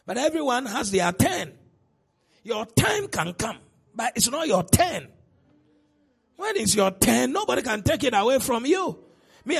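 Preaching with a Ghanaian accent, this middle-aged male pastor moves between soft side remarks and loud outbursts, with frequent laughter. The pitch is extremely high, carrying vocal fry and a breathy edge.

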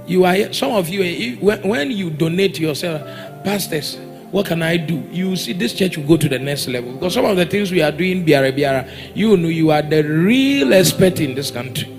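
A man's voice: a little high, animated, moderate pace, over music. A man with a Ghanaian accent preaching a sermon in a church, exhorting the congregation and demanding they answer back. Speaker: pastor.

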